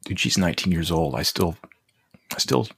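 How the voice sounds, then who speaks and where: A middle-aged man telling heartfelt stories as a podcast guest, halting and restarting often. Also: low-pitched, animated, vocal fry, a bit bright, slightly rough. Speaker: podcast guest, leadership coach. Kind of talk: casual interview storytelling.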